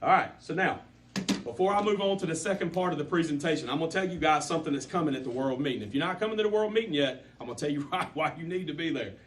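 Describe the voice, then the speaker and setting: A man running a sales training for a live group, coaching with animated, repetitive emphasis. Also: fairly high pitch, very fast, recorded from a distance, slight background noise.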